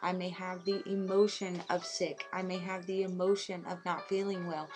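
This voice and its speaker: A woman's voice: fairly low pitch, flat delivery, moderate pace, low-quality recording. A woman speaking as a self-styled healer, earnest and insistent, repeating mantras over and over. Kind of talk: inspirational monologue. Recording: loud music behind voice. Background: music.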